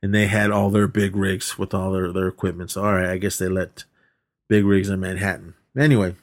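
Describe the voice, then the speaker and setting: A man's voice: low-pitched, flat delivery, brisk. A man co-hosting a podcast, casually recapping a film in a rambling way, acting out quoted lines and laughing as he goes. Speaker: podcast co-host. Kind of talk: casual movie recap chat.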